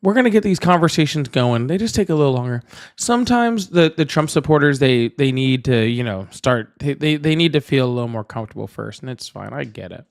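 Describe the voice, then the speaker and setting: A man's voice: medium pitch, expressive, brisk, vocal fry. Man chatting loosely on a livestream. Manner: rambling, repeats himself, talks straight to chat. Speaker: livestream political debate host. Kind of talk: casual livestream chat.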